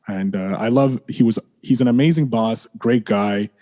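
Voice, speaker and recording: Low, mellow-voiced man telling his story. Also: normal speed, few pauses. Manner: rambling, leans on fillers like "like" and restarts; apologizes for swearing. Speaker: podcast guest. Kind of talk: candid personal storytelling.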